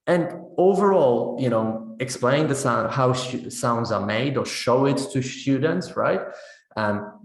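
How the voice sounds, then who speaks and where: A man giving a teacher-training webinar on pronunciation, talking in a conversational way and often checking in with "right?". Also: mid-range voice. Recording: roomy echo.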